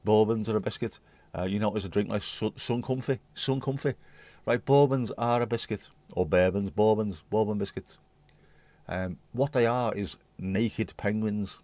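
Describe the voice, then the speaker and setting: Man, lowish voice, dry close sound, rambling jokey livestream chat. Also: moderate pace, darkish tone, no room sound. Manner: rambling, jokey, swears casually. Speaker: livestream host. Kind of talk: casual chat with viewers.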